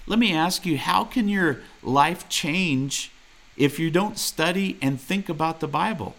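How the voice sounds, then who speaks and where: A man's voice: on the high side, measured pace, creaky, a bit bright. A man preaching a sermon in an earnest, direct way, reading scripture aloud and challenging listeners with questions. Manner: reads scripture aloud and comments on it.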